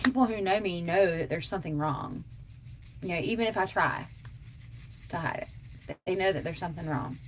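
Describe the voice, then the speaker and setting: A woman's voice: fairly low pitch, background noise. A young adult woman, chatting casually and emphatically to viewers on a live stream as its host. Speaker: livestream host answering tag questions.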